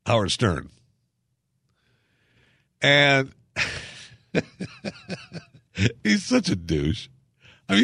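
A man's voice: lowish voice, a bit bright, no echo, clean studio sound. A man giving casual political commentary as a podcast host, in a sarcastic, ranting, mocking manner.

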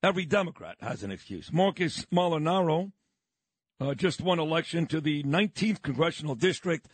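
A man hosting a talk radio show, his voice husky and pitched a bit high. He speaks bluntly and combatively, with a fired-up edge. The studio sound is close and dry. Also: lively intonation, a little fast, dry recording. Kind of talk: talk radio monologue and interview. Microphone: studio microphone.

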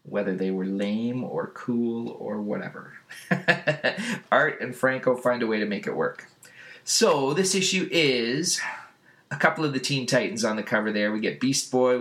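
A man casually recapping a comic book on a podcast, often laughing and jumping into high put-on voices for the characters. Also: a bit bright. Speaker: podcast host.

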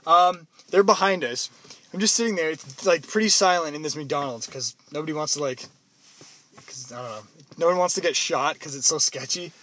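Speaking at a normal speed in a voice on the high side, a young man from Canada tells a friend a casual story. He brings the characters to life, delivering their lines animatedly in loud, exaggerated voices.

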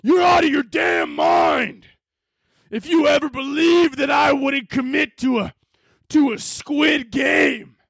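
Guy doing a screechy high melodramatic dub actor, yelling everything, dead dry sound. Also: very animated, slow pace, gravelly, no room sound, heavily acted. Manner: shouted, strained, hammy. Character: over-the-top male dub actor, melodramatic.

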